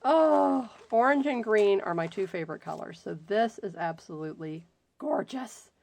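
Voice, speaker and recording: Her voice is mid-range, gravelly, and darkish, with lively intonation, as this woman hosts a crafting video. She opens happy mail in casual chat, gushing over every gift with frequent exclamations and drawn-out, slow delight.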